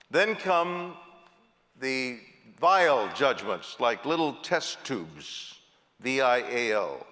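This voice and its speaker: A man's voice: fairly low pitch, fairly bright tone, big-room sound. A male pastor preaching a sermon in a jovial way, stretching out key words for emphasis. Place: church sanctuary.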